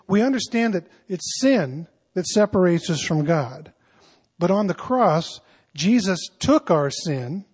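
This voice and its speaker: A man's voice: fairly high pitch, darkish tone, husky. A man preaching a sermon in an informal, earnest way, with emphatic asides to his listeners. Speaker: pastor. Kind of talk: conversational sermon.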